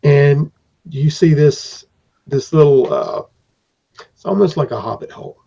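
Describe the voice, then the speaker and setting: A man's voice: on the high side, animated, measured pace, gravelly, warm tone. A man acting as game master, narrating a tabletop game in a rambling, descriptive way on a dull lo-fi recording.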